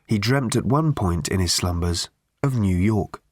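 A man narrating an audiobook with dry, expressive storytelling. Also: fairly low pitch, unhurried, no room sound. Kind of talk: scripted narration.

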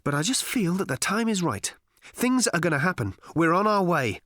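A man voicing an excitable, insistent male alien traveller in an audiobook. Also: fairly high pitch, moderate pace, dry recording, clean studio sound, pitched above the performer's own voice. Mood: excited. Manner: insistent, emphatic.

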